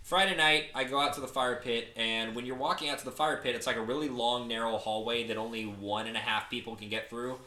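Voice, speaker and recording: A man's voice: mid-range voice, fairly even intonation, quick pace, few pauses, sharp tone, reverberant. A man in his twenties telling a story in a casual podcast chat, joking, swearing and acting out quotes.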